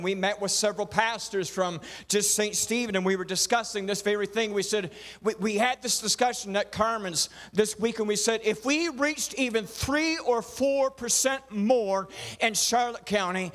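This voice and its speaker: High-voiced folksy male pastor preaching. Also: normal speed, a bit bright. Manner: folksy preaching with rhythmic repeated refrains. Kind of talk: sermon.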